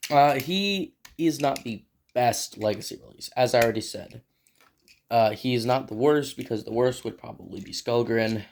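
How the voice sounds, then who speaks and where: A man with an ordinary mid-range voice reviews an action figure in a loose, unscripted way. He thinks aloud while handling the toy and clears his throat now and then. Faint typing and clicks sit in the background. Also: mid-range voice, normal speed, darkish tone, a little hiss or hum. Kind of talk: casual toy review vlog.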